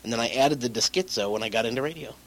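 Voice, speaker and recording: A man's voice: medium pitch, rapid-fire, a bit bright, poor audio. A man from California, a radio personality and rapper, telling stories as a guest in a casual interview, rambling with restarts. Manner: rambling storyteller with restarts and laughs.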